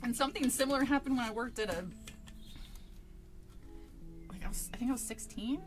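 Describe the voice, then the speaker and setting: A woman's voice: a little high, brisk, soft background music. A woman streamer casually telling a personal story, laughing often and swearing freely.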